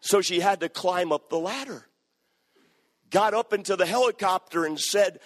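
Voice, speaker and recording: A middle-aged man preaching in a church sanctuary, his fairly high voice carrying a long reverb off the walls of the hall. He tells his stories with dramatic flair, acting out the voices in them, and drives his points home with emphatic, rising exhortation. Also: moderate pace. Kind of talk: sermon.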